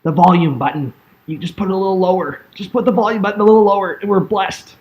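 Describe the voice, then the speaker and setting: A young man calling a hockey game as an excitable fan streamer, yelling at big plays and chatting with viewers. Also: high voice, fast. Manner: yells and laughs at big plays, chats with viewers. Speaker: fan streamer doing live play-by-play. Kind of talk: excitable fan play-by-play commentary.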